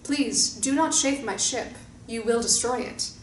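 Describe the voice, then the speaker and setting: A woman voicing a calm, fearless male droid captain who speaks in a formal, composed way. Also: a little high, a little slow, lightly acted. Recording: roomy distant mic with faint hiss.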